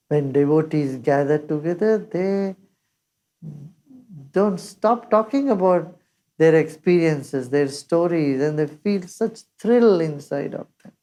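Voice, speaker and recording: An older woman giving a measured spiritual discourse as a teacher, reciting scripture verses along the way. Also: low voice, animated, dark tone.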